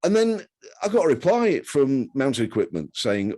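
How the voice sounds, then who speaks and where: A man's voice: medium pitch, wildly swooping pitch, normal speed, darkish tone. A man in his sixties, a guest telling chatty, self-deprecating stories in a casual interview. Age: 60s.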